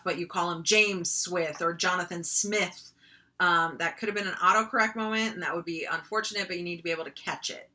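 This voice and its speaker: Casting: young woman writing teacher, lowish pitch, bright forceful tone, chatty with lots of fillers. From North Dakota. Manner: chatty, frequent ums and likes, mock voices for examples. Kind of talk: casual classroom lecture.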